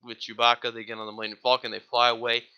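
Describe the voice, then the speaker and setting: A man's voice: mid-range voice, monotone, racing, pushed and bright, clear, resonant tone. A man giving a casual, rambling movie plot recap, full of "like" and offhand swearing. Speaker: movie reviewer.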